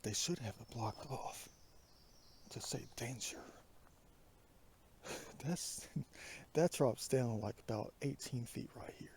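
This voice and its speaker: A man's voice: mid-range voice, slow, long pauses, a little mellow, a little hiss or hum. A man vlogging outdoors on a wooded mountain road, talking to a handheld camera and often dropping into a whisper. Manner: rambling, often drops to a whisper. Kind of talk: outdoor hiking vlog.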